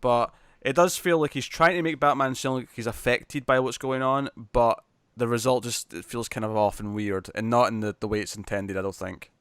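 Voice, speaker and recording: A man's voice: mid-range voice, normal speed, a bit bright, clear, resonant tone, dry recording. Chatty man on a dry podcast mic. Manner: chatty, laughs easily, many restarts. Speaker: podcast co-host. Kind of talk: casual comics podcast chat.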